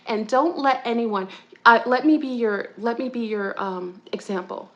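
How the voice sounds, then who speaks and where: A woman hosting a talk show, ranting heatedly and rambling, with restarts and high-pitched outbursts. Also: normal speed, pushed and bright. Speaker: podcast co-host. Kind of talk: ranting monologue.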